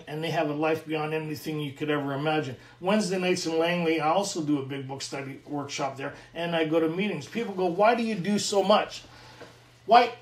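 A man's voice: fairly high pitch, roomy sound, recorded from a distance. A middle-aged man from Canada, earnestly sharing a personal recovery story at a meeting and acting out the dialogue.

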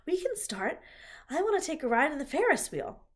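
A woman voicing an earnest young farm girl who speaks high and eagerly, with a husky tone. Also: big pitch swings, normal speed.

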